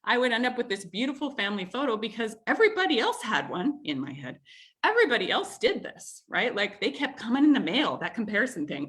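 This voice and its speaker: A woman in her thirties hosting a community group, telling a family story in a chatty, animated way, with frequent laughs and filler words. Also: on the high side, fast. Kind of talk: casual storytelling in an online group talk.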